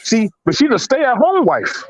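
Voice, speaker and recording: A panelist with a very high voice argues bluntly and emphatically in a heated, casual debate, using slang and repeating words. His pitch swoops wildly, he speaks a little slowly, and the audio is dull and lo-fi.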